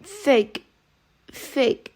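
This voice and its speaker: A woman's voice: high voice, sing-song, very slow. A woman teaching English vocabulary, saying each word several times and spelling it out letter by letter. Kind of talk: vocabulary lesson, slow spelling drills.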